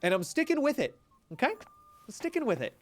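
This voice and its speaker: High-voiced chatty male streamer. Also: huge pitch swings, a little fast, soft background music. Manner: chatty, rambling, talks to chat. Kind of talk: live gameplay commentary.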